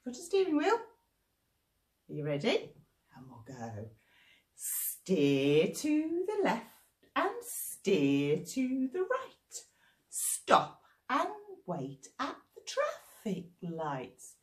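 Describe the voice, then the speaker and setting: A woman librarian leading action rhymes for small children, playful and sing-song, dropping to whispers and rising to high squeals. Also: wildly swooping pitch, very slow, roomy sound. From England.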